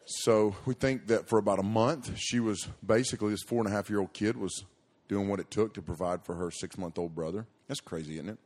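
Folksy rambling male preacher, low voice. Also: a little mellow. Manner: folksy, rambling, many restarts and fillers. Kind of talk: sermon storytelling to young people.

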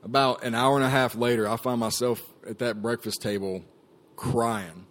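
A ministry staff member gives a personal testimony talk in a mid-range, steady voice at normal speed. He tells his story casually, leaning heavily on fillers and "like."

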